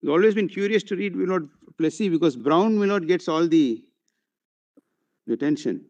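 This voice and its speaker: A man with an Indian English accent arguing a case before judges, deferential and halting, with frequent fillers. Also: fairly high pitch, animated, a little mellow. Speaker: advocate. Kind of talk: courtroom legal argument. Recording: dull lo-fi courtroom audio feed.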